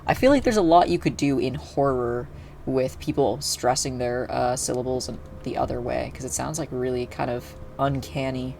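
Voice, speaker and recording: Speaking at normal speed, a young game streamer has a creaky, darkish, mid-range voice, with a little hiss or hum audible. He chats casually, wandering off track with many fillers and restarts.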